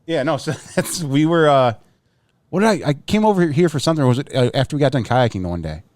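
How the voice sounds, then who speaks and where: A man co-hosts a podcast in casual chat, laughing often as he introduces clips. His intonation is lively and the sound is dry. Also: mid-range voice, quick pace, dry recording. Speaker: podcast co-host.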